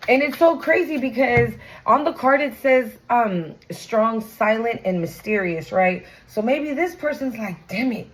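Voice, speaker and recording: A woman's voice: a little high, expressive, a little slow, hardly any pauses, rough recording. A woman giving a casual tarot reading to her viewers, chatty and blunt, swearing freely and talking in slang. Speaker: tarot reader.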